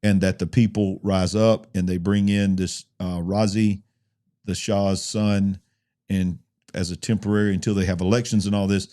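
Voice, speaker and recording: A man co-hosting a talk show, giving casual, chatty news commentary that speeds up and slows down. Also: sits low, little pitch movement, warm tone.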